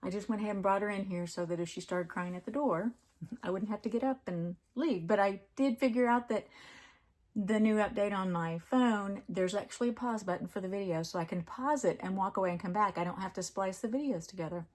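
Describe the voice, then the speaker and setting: A woman's voice: medium pitch, fairly quick, darkish tone. A woman in a casual home crafting vlog, chatting in a rambling, fond way about her finished projects. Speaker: crafting vlogger. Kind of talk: casual chat.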